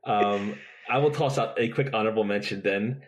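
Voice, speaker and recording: A man's voice: fairly low pitch, moderate pace, rough recording. A man co-hosting a podcast, chatting casually, recapping scenes with frequent giggles. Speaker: podcast co-host. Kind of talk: casual chat.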